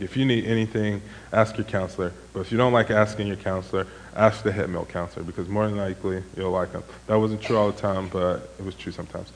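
A man's voice: low voice, big-room sound, a little hiss or hum, poor audio. A young man, a former camp counselor, giving a casual sermon testimony in a rambling way, full of "like" and "um". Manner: rambling, heavy use of "like" and "um".

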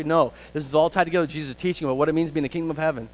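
A man's voice: on the high side, rapid-fire, poor audio. A male preacher delivering a sermon who speaks emphatically and addresses the congregation directly. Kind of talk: expository sermon.

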